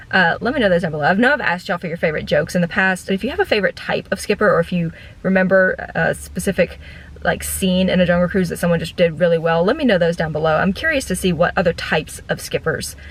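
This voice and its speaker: Woman in her 30s, deadpan storyteller, rambly car vlog chat, filler-heavy. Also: fairly low pitch, rough recording. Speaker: vlogger and former theme park ride guide.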